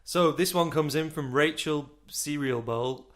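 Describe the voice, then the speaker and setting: A man's voice: fairly high pitch, measured pace. A young man co-hosting a casual podcast, telling a long rambling story with casual swearing. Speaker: podcast co-host.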